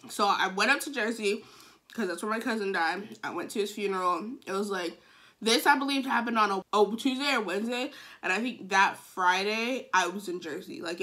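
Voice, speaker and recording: A woman's voice: medium pitch, normal speed. A young woman in her twenties vlogging a casual storytime, frank and profane, with sudden dramatic outbursts. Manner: dramatic, animated retelling with sudden wailing outbursts.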